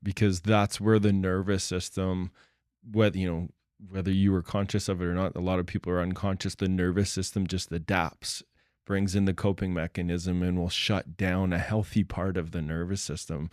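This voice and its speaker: Deep, smooth-voiced man co-hosting calmly. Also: dry recording, studio quality. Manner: calm, affirming, explanatory. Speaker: podcast co-host. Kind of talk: casual relationship talk.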